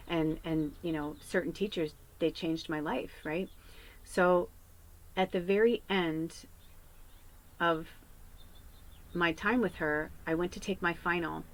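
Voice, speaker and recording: A woman's voice: low voice, rough recording. A woman psychic medium telling a personal story in a casual, rambling way, swearing freely.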